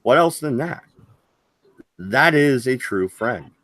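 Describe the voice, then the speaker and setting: A livestream host with a mid-range, slightly bright voice rants furiously, cursing often. He speaks slowly but animatedly, and there's no echo on the recording.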